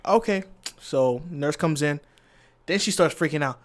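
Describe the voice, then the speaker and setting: A man's voice: a little high, measured pace. A man co-hosting a podcast, casually telling a story from work, acting out what people said and getting exasperated when he is interrupted. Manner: animated, acts out quotes, exasperated at interruptions.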